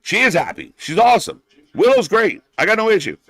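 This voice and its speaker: Man, fairly high voice, dry close mic; blunt, sarcastic wrestling stream host, swears a lot, heated rants. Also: huge pitch swings, fairly quick, fairly bright tone, no echo. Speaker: live-stream wrestling commentator. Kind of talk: profane ranting watch-along commentary.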